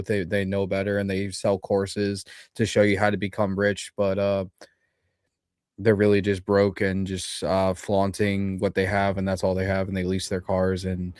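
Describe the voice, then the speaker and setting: A man's voice: low voice, a little mellow, smooth, no echo, studio quality. A man on a casual podcast panel, talking bluntly and dismissively, with some swearing. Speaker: panel guest.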